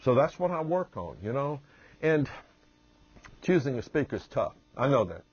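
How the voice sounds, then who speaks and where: A man with a Southern US accent who talks slowly and easily as a humorist and motivational speaker, introducing himself with anecdotes. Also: medium pitch, sing-song, husky, dull audio. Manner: slow, drawling delivery. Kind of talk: promotional self-introduction with anecdotes.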